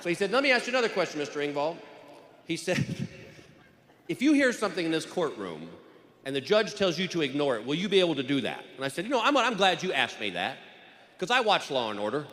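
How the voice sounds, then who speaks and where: A man's voice: a little high, sing-song, quick pace, a bit bright. A man doing stand-up, telling a story and acting out the voices of the people in it. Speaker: stand-up comedian. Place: stage in a large hall. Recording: live show in a hall, audience noise.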